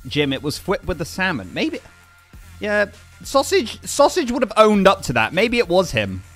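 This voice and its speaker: Young guy streamer, high lively voice, excitable and chatty, faint music behind. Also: moderate pace. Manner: excitable, chatty, thanks donors aloud. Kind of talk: casual live-stream chat while gaming.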